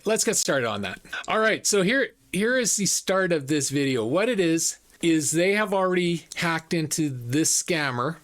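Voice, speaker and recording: A man's voice: a little high, fairly bright tone. A man hosting a reaction channel, telling a personal story in a chatty, rambling way and laughing at it. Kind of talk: casual storytelling monologue.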